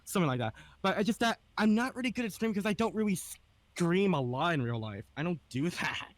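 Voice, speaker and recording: A man with a youthful, medium-high voice, hosting a casual podcast chat and talking hesitantly with many fillers. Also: big pitch swings, a little fast, no room sound. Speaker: podcast host.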